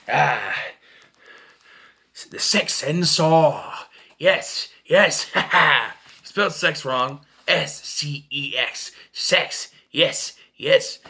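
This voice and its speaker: A man's voice: medium pitch, pushed and bright. A man casually reviewing movies, rambling and hesitant, often correcting himself.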